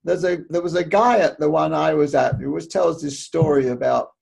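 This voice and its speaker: A man's voice: on the high side, fairly quick, vocal fry, darkish tone, slightly rough. A man hosting a casual interview, asking rambling questions with many fillers. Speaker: interview host.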